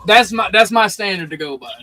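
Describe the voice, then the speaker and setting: High-voiced blunt man with a Southern drawl. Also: lively intonation, fairly quick, pushed and bright, slight background noise, poor audio. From Southern United States. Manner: blunt, profane, rambling. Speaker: host. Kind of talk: heated call-in panel talk.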